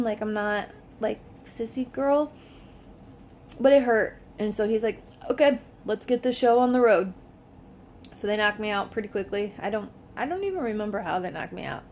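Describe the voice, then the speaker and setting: A woman's voice: mid-range voice, darkish tone, slight background noise. A young woman vlogging at home, telling a story in a chatty way, filling her talk with "like" and acting out what people said. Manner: chatty, says "like" constantly, acts out quoted lines. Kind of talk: casual storytelling to camera.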